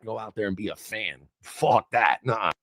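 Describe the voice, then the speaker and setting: A man's voice: fairly low pitch, normal speed, vocal fry, a bit bright, no echo, studio quality. A man in a bitter, profane rant about being disrespected, self-important in tone. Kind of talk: ranting stream monologue.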